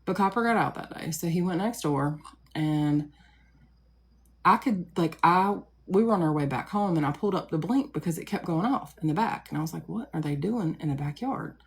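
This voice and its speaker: A woman's voice: low voice, lively intonation, normal speed, husky. A woman in her thirties telling a long story casually to a live audience, rambling with many asides and fillers. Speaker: live streamer.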